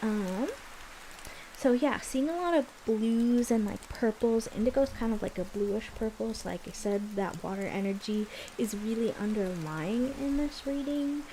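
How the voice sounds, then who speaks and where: A woman's voice: on the high side, moderate pace, mellow, slight background noise, poor audio. A young woman giving a casual tarot reading, explaining the cards in a chatty way. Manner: chatty, explaining as she goes. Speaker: tarot reader.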